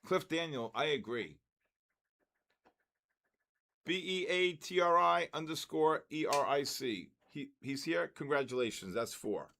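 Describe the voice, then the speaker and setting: Older male stream host in the manner of an auctioneer, animated pitch, a bit high, unhurried delivery. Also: creaky. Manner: auctioneer-style calls, loud shouts of "next". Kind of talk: live stream giveaway calling.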